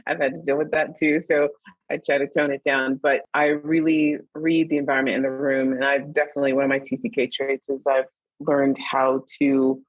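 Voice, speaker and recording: A middle-aged woman speaks as an interview guest with a slightly husky voice. She reflects on her experiences in an open, candid way and grows animated when she retells conversations. The sound is close and dry. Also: a bass voice, dry recording, lo-fi sound. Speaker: interview guest, magazine editor.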